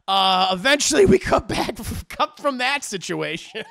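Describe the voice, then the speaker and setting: A man recaps a movie as an animated, profane storyteller. His voice is high and bright, with a gravelly fry. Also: normal speed. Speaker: movie reviewer.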